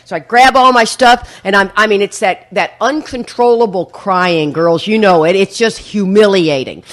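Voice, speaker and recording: A woman's voice: mid-range voice, brisk, hardly any pauses. A woman speaking at a recovery meeting, telling a humorous personal story with lots of laughter and acted-out voices. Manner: animated, laughs often, acts out others' voices.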